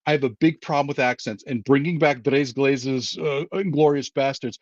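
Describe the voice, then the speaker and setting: A man co-hosting a casual movie podcast, ranting in an animated, self-mocking way. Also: mid-range voice, normal speed, no room sound, highs cut off. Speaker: podcast co-host. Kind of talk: casual movie ranking chat.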